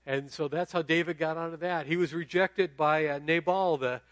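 A man's voice: a little high, steady tone, normal speed, a bit bright, no echo. A middle-aged man preaching a sermon in a conversational way, often checking in with the audience. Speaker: pastor.

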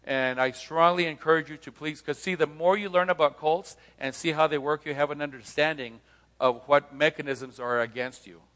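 On stage before a live audience, a middle-aged man, once a pastor and now a speaker on leaving cults, talks in a slightly high, steady, somewhat bright voice at a moderate pace. He tells stories, voices both parties in conversations, and asks rhetorical questions, with a long hall reverb around him.

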